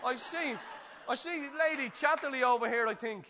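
A man's voice: very high voice, moderate pace, slight background noise. A man with an Irish accent preaching a sermon, telling a story with animation and joking with the congregation. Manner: animated storytelling, acts out the characters; jokes with the congregation.

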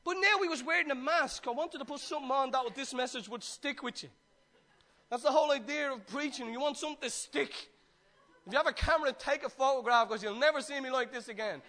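A man's voice: extremely high pitch, quick pace. A man with an Irish accent preaching a sermon, telling a story with animation and joking with the congregation. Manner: animated storytelling, acts out the characters; jokes with the congregation.

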